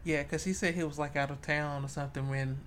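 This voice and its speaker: A man's voice: a little high, fairly even intonation, fast talker, a bit bright, slight background noise. A man co-hosting a casual book club podcast, laughing often and acting out quotes from the book. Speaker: podcast co-host.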